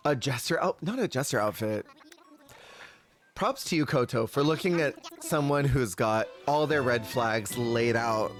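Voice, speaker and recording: A man's voice: medium pitch, lively intonation, soft background music. A man streaming a life-sim game, chatting with viewers and telling stories in a casual, laughing way. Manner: chatty, storytelling, quick laughs. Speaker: Twitch streamer. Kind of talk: casual gameplay chat with viewers.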